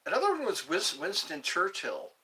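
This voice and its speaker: A man's voice: high voice, wildly swooping pitch, moderate pace, pushed and bright, breathy edge, rough recording. A man in his fifties hosting a live stream, reading viewer comments aloud and answering them in a playful, jokey way. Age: 50s. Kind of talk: casual live-stream chat.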